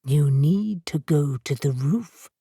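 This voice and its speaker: A woman voicing a calm, cryptic male talking cat familiar who speaks in grave, terse lines. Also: low voice, slow, breathy edge, no room sound, clean studio sound, voice pushed down, heavily acted.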